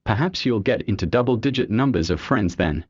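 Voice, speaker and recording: A man's voice: fairly low pitch, expressive, a little fast, dry recording, highs cut off. A man reading scripted commentary, sneering and heaping crude insults on his target. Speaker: commentary narrator. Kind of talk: scripted mocking voice-over commentary.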